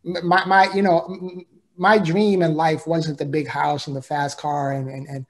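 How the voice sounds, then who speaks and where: A man's voice: fairly high pitch, flat delivery, normal speed. A man, a podcast guest, telling an emotional personal story in an earnest, heartfelt way, often repeating himself and asking "right?".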